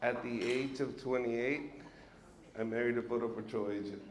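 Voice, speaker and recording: A man doing a stand-up comedy set, telling stories in an animated way and acting out other people's voices. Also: medium pitch, moderate pace, heavy background noise. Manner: storytelling, animated, acts out voices of his dad and the police. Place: comedy stage before a live audience. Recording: echoey stage recording with loud audience laughter.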